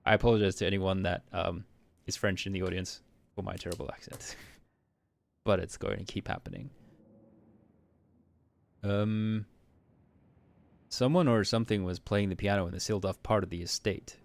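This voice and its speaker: A man streaming a visual novel, reading its narration briskly and muttering asides while laughing at himself. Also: low-pitched, steady tone, vocal fry.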